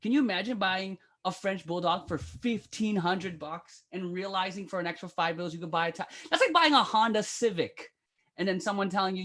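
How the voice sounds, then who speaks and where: A man's voice: high-pitched, normal speed, a bit bright. A middle-aged man doing a brash, profane, rambling stand-up bit as a guest on a live stream. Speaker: comedian guest.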